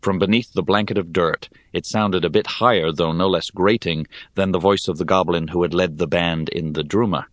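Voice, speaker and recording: A man narrating a fantasy story in the first person, in a measured, expressive way. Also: low-pitched, a little hiss or hum. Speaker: audiobook narrator.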